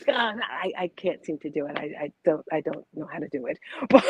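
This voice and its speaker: A woman in her fifties hosting a morning motivation show over a video call, bubbly and excitable. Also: low-pitched, slightly rough, no room sound. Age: 50s. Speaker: show host.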